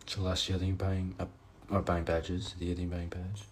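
A man's voice: deep voice, completely flat delivery, normal speed, slight background noise. A man hosting a casual livestream, reading out fan comments and thanking viewers, sounding tired and yawning. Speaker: livestream host.

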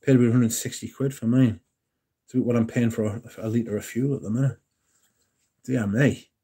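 A man hosting a casual livestream, reading and answering chat in a relaxed, yawning way. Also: medium pitch, brisk, slightly rough. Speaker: livestream host.

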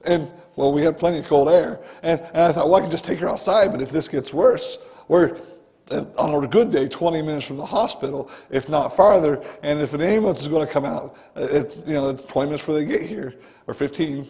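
A man preaching in a church with a slightly raised pitch and a dark, gravelly, fry-laden voice. His sermon is earnest and conversational, like talking straight to the congregation. He keeps circling back to address them directly. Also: brisk. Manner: earnest, conversational preaching, often starting with "listen". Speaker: pastor. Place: church sanctuary.

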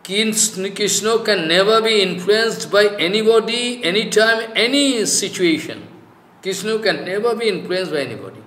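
High bright man preaching. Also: expressive, echoey room. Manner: informal halting English with frequent "you know" fillers; emphatic, repeats key phrases. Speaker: spiritual teacher. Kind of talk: devotional scripture discourse.

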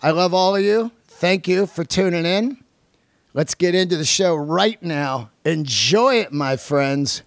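A man's voice: sits high, expressive, a little slow, dry recording. Loose, profane man hosting a podcast. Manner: loose, profane, rambling storyteller. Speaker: podcast host. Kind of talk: casual chat. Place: recording studio.

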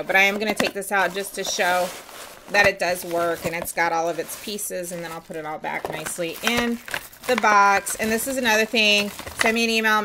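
A woman's voice: mid-range voice, background noise. A woman chatting casually in a home vlog, rambling and candid as she shows off nail supplies, with lots of fillers. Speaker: nail artist selling supplies. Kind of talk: casual show-and-tell vlog.

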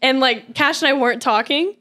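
A young woman co-hosts a casual podcast, telling personal stories in a quick, rambling way full of fillers. Her voice sits high and bright. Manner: rapid, filler-heavy storytelling. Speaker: podcast co-host. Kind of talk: casual chat.

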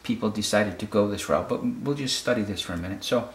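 A man's voice: lowish voice, quick pace. A man from the United States explaining a fashion photo casually, often repeating words and checking in with "okay?". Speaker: photography critic. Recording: roomy echo.

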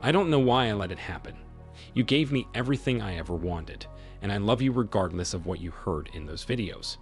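A man's voice: on the low side, lively intonation, fairly quick, soft background music. A male narrator voicing a remorseful, tearful wife, her lines delivered in a pleading, choked way.

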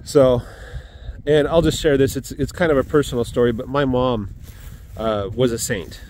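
A man vlogging from his farm, sharing a casual Sunday morning message in an earnest, reflective way with fillers and pauses. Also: mid-range voice, steady tone, a little mellow, a little hiss or hum. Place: outdoors on a farm.

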